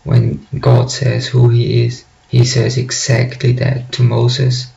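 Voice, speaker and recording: A man telling a story casually and halting, pausing mid-sentence and often clearing his throat. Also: medium pitch, very animated, mellow. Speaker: video host. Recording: dull lo-fi recording.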